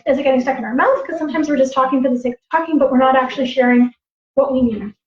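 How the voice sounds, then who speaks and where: A woman storyteller and teacher on a livestream, animated and laughing, acting out voices as she tells stories. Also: high-pitched, very fast. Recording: roomy, slightly dull livestream audio.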